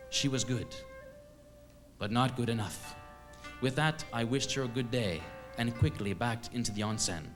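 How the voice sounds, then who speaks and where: A man from eastern Canada telling a comic story on stage, with a wry, deadpan, self-mocking delivery. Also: medium pitch. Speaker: comedian storyteller. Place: stage at a live show.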